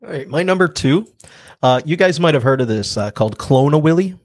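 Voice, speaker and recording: A man's voice: a little high, lively intonation, brisk, no echo, clean studio sound. A man co-hosting a comedy podcast, telling a crude joke in a matter-of-fact way. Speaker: podcast co-host.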